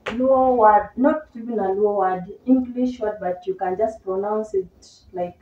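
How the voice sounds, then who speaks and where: A woman's voice: medium pitch, expressive, unhurried, narrow, tinny audio. A young woman from Kenya, the host's best friend, answering and teasing in a casual chat. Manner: teasing, laughing, mixes in Swahili. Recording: echoey room, distant mic, hiss.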